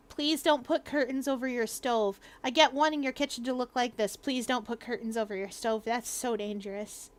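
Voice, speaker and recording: A woman's voice: fairly high pitch, fairly even intonation, normal speed, hardly any pauses, a little hiss or hum. A young woman gaming streamer giving casual, playful commentary with joking asides. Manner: playful, joking asides between read-out lines.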